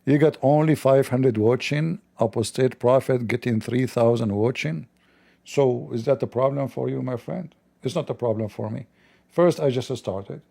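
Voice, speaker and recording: A man's voice: medium pitch, normal speed, vocal fry, dark tone. A man hosting a livestream, talking in a sarcastic, mocking way in non-native English. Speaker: livestream host. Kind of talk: livestreamed commentary.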